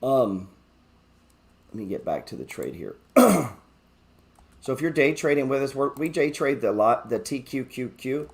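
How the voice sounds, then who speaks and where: A man's voice: mid-range voice, very animated, measured pace, gravelly, long pauses. A man hosting a live stock market show, chatting casually, joking and swearing freely as he talks through his trades. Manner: reads viewer chat aloud.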